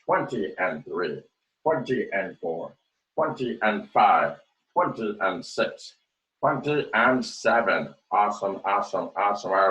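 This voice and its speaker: A man's voice: sits low, a bit bright. A man teaching an online class, leading counting and chants in a cheerful sing-song way. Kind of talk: online class morning meeting. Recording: echoey room.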